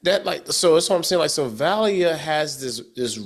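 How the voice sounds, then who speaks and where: A man's voice: on the high side, animated. Man giving casual show analysis. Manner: measured, filler-heavy analysis, holds the floor firmly. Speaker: podcast co-host. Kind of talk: casual chat.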